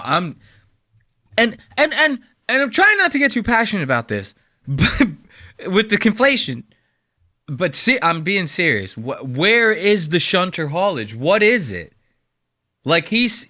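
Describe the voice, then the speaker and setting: A man hosting a casual reaction commentary, talking in animated disbelief and swearing freely. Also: high voice, unhurried. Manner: incredulous, animated, swears often. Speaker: host.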